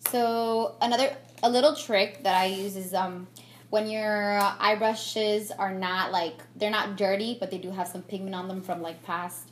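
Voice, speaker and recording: A young woman of medium pitch talks at a measured pace with fairly even intonation, a little hiss or hum in the background. She does her makeup in a get-ready-with-me vlog recorded on a camera mic on a tripod, candid and reflective, with many fillers and restarts.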